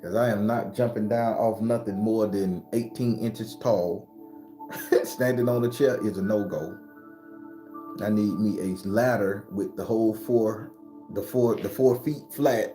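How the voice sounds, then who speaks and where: A man in his forties giving a casual, profane motivational talk as host of his spiritual channel, often climbing to a high excited pitch. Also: unhurried, soft background music. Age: 40s.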